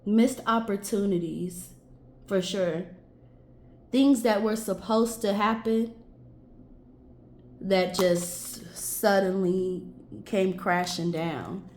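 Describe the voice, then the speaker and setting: Female tarot reader, slow thoughtful delivery, casual musing aloud, roomy echo. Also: medium pitch, darkish tone. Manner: musing, talks to herself and viewers, stretches words. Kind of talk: casual tarot reading monologue.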